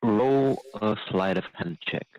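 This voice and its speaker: A man's voice: lowish voice, slow pace, muffled recording. A man narrating as game master of a tabletop game, with a dry, teasing delivery.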